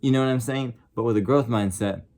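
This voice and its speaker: A man's voice: medium pitch, a little fast, a little mellow. A young man vlogging in a casual, rambling way, earnest and passionate, with lots of "like" fillers. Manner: rambling, heavy use of "like". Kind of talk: casual talk to camera.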